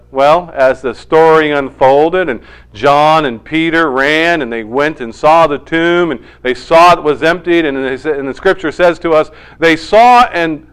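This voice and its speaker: A man's voice: a little high, fairly bright tone, clean tone. A man preaching a sermon in a conversational, emphatic way, with joking asides. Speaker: pastor.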